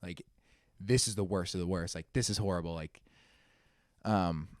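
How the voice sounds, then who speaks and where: Guest: young adult man, fairly low voice, candid and halting, dry close sound. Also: dry recording. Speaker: podcast guest. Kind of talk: casual conversation.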